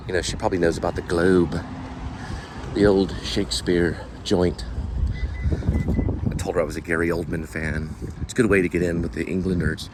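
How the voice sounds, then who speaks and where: Low-voiced guy rambling on in his vlog, lots of traffic noise around him. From Texas. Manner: chatty, rambling, imitates accents. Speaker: vlogger and delivery driver. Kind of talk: casual vlog chat. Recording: noisy outdoor phone recording.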